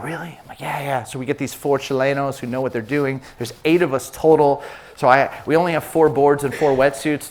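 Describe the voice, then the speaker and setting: A man preaching a sermon, telling personal stories in an animated way and acting out the people he quotes. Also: mid-range voice, a little hiss or hum. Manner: animated storyteller, acts out quoted voices. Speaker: pastor.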